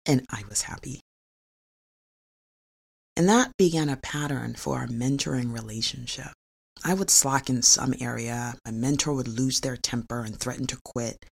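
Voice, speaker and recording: A middle-aged physician and researcher tells a personal story in a rumbling, low, creaky voice. Her tone is earnest and confessional, broken by small laughs.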